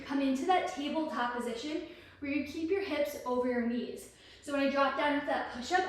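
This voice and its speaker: A high-voiced young woman coaching a prenatal workout, counting down reps and cheering the listener on. She sounds slightly out of breath. Her voice carries a heavy room echo, picked up from some distance away from the mic. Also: slight background noise. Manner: encouraging, counts reps aloud. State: a little out of breath. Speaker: prenatal fitness instructor. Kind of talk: guided workout instruction.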